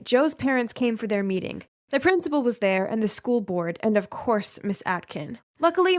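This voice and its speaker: A young woman reading a scripted first-person story aloud, giving the quoted people only small shifts of her own voice. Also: a little high. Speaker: story narrator.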